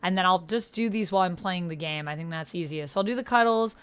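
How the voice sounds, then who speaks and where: A woman's voice: fairly low pitch, fast talker, a bit bright, smooth. A young woman streamer chatting casually with her viewers and reading their messages aloud. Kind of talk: casual livestream chat.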